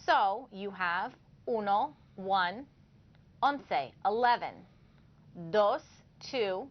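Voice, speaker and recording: A woman's voice: mid-range voice, drawn-out words. Woman teaching a language lesson, dull audio. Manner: clear, careful teacherly delivery.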